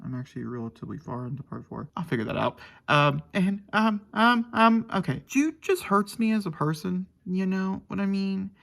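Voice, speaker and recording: A man's voice: sits high, expressive, moderate pace, creaky, few pauses, a bit bright. A young man rambling emotionally about a novel in a casual reading vlog from his bedroom at night, swearing freely. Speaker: book vlogger.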